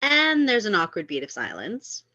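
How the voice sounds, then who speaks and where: A woman reading stage directions at a table read, expressive with amused asides. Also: mid-range voice, normal speed, no room sound. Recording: dull lo-fi sound.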